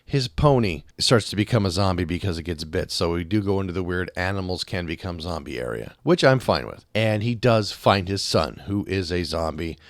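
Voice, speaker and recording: Brief: male podcast film reviewer, lowish voice, dry close sound, animated and profane. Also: normal speed, few pauses, dry recording. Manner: animated, acts out characters and swears freely. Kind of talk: casual spoken film review.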